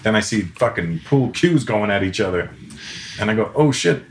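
A man spins comedy-club stories in a relaxed chat, his voice swooping up and down as he acts out what people said. A faint hiss of background noise sits under the recording. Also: moderate pace. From Canada. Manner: animated, acts out quotes with big pitch jumps. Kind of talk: casual storytelling chat.

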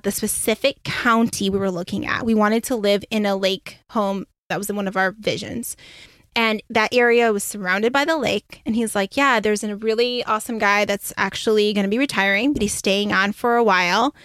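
A young woman career coach telling a story in a chatty, excitable way, full of "like". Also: medium pitch, no echo, clean studio sound. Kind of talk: casual storytelling monologue.

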